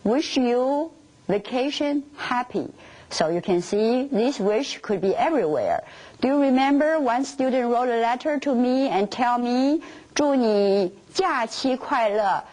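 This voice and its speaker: A Chinese-speaking woman teaching a language lesson, explaining Mandarin words slowly in careful non-native English. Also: fairly high pitch, darkish tone, low-quality recording.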